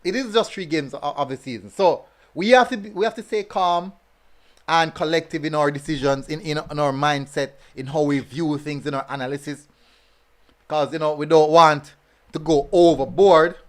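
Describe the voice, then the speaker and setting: A man's voice: fairly high pitch, moderate pace. A man hosting a casual football review stream, reading chat comments and talking in a chatty way, full of fillers and repeated phrases.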